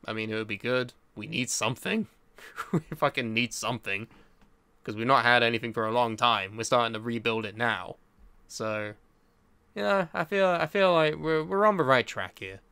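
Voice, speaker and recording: Sweary man, smooth dry voice. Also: mid-range voice, moderate pace, bright, forceful tone, no echo. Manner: sweary, joking, blunt. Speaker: podcast co-host. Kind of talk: casual podcast banter.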